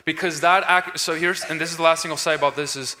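A man talks on a conference stage in an earnest, emphatic preaching tone, restarting his phrases as he goes. His voice is bright and set a little high. It rings out with a long reverb from a large hall. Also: fairly even intonation, fast talker, a little hiss or hum. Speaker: conference speaker on deliverance ministry. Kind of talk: stage discussion.

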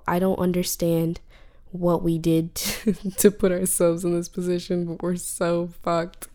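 A woman's voice: fairly low pitch, gravelly, dark tone. A young woman hosting a podcast, ranting casually in a frustrated tone, with lots of swearing and filler words. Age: young adult. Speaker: podcast host.

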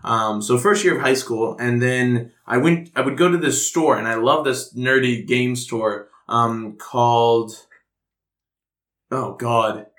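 A man's voice: medium pitch, slow pace, a bit bright. A young man chatting casually, rambling and self-mocking with lots of fillers as he tells a story. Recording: roomy echoey room.

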